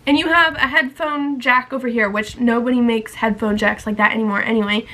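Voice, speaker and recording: A woman's voice: fairly high pitch, fairly even intonation, brisk, background noise. A young woman vlogger telling a rambling story in a casual chatty style, full of "like" and acted-out quotes.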